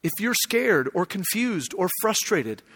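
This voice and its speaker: Bright-voiced man preaching in a reverberant hall. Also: high-pitched, sing-song, a little slow, slightly rough. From Arizona. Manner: storytelling, emotional, conversational with many fillers. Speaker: pastor. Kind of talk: sermon.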